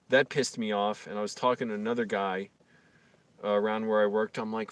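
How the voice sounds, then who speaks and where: A man's voice: on the low side, steady tone, normal speed, fairly bright tone, smooth, dry recording. A man from Virginia telling an indignant, rambling story on a livestream, with many fillers and restarts. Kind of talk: casual livestream rant.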